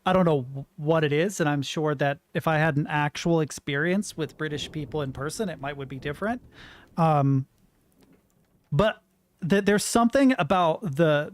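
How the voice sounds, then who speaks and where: With no room sound in the recording, this let's play host, an American man in his thirties, chats openly and rambles as he plays and commentates. His voice sits on the high side.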